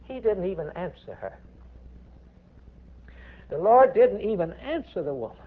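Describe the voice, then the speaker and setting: A man preaching a sermon with impassioned swings between hushed words and rising emphasis. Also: sits high, big pitch swings, unhurried. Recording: tinny phone-like recording.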